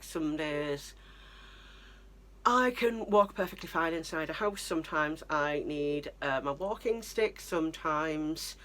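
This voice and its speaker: A woman's voice: on the low side, fairly bright tone. A young British woman telling stories in a chatty, exasperated vlog style, with lots of fillers. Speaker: vlogger. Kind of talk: storytelling vlog.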